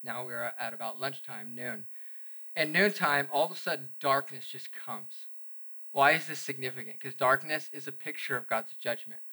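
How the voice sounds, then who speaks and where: A man preaching a sermon to a church congregation, earnest and conversational, rising to emphatic peaks and dropping quiet again. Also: mid-range voice, moderate pace. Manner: relatable asides to the congregation. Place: church service.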